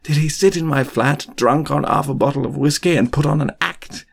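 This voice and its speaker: Man reading as desperate wizard man, pleading, urgent, gravelly, husky. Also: on the high side, fairly quick, pitched above the performer's own voice. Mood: anguished. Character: anguished grown wizard man, earnest and desperate. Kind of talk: audiobook reading.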